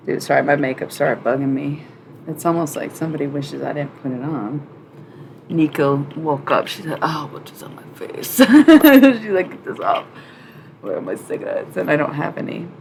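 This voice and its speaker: A young woman reading oracle cards on a live stream, chatting casually with viewers, swearing freely and breaking into loud bursts of excitement. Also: low voice, slight background noise. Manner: chatty, profane, full of "like" fillers.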